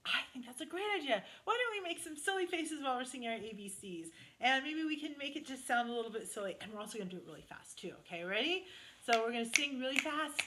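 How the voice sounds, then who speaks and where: A woman's voice: high-pitched, expressive, fast talker, a little hiss or hum. A woman music therapist leading children in a sing-along lesson at home, with a bouncy, sing-song, encouraging way of talking. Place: home, online session. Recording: guitar playing loudly behind.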